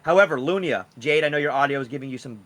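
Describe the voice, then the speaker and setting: A man's voice: mid-range voice, rapid-fire, fairly bright tone, slight background noise. A man narrating a tabletop game as game master, rambling with many fillers.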